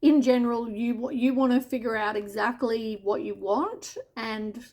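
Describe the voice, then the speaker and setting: A woman reads tarot cards in a casual, chatty way, speaking to the listener as "you". Her voice sits a little high, and she takes her time, with unhurried pauses between thoughts. She mixes mild swearing and offhand asides into the reading. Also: steady tone, dark tone. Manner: addresses the listener directly as you. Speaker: tarot reader.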